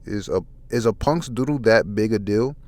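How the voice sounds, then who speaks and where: A man in a soft-spoken ASMR comic review, reading haltingly, stumbling over words and apologizing. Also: lowish voice. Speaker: ASMR manga reader.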